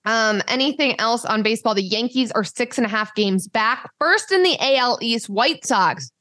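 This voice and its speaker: A woman co-hosting a sports podcast, chatting casually and telling stories in an animated way. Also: on the high side, moderate pace. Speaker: podcast co-host.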